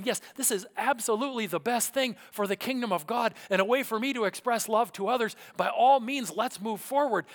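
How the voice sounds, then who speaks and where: A fairly high-voiced man delivering a sermon, emphatic and shifting between forceful stresses and near-whispered asides. He keeps asking his listeners rhetorical questions. His voice rings with a long hall reverb. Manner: emphatic, swings between loud and hushed; asks rhetorical questions, frequent "right?". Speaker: pastor.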